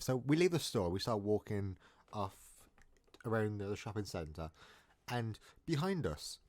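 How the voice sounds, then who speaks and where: A man's voice: fairly low pitch, big pitch swings, measured pace, pauses often, a little mellow. A man telling a story in a casual, rambling, jokey way, often restarting his sentences. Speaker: storytime vlogger.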